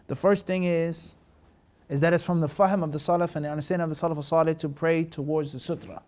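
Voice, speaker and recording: This Islamic teacher has a fairly high, darkish-toned voice as he gives a classroom lesson on hadith. He mixes Arabic terms into his English and keeps pausing to ask the class rhetorical questions to check they're following.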